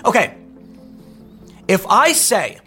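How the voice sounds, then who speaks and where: Animated, argumentative male commentator. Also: high-pitched, slow, slightly rough, faint music behind. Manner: animated, argumentative, rhetorical questions, frequent restarts. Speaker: political commentary host. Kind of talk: solo commentary monologue.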